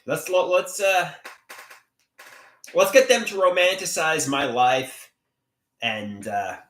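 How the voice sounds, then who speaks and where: A man chatting casually on a livestream, reading out viewer comments and rambling with theatrical swings in pitch and volume. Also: slow pace, fairly bright tone, echoey room.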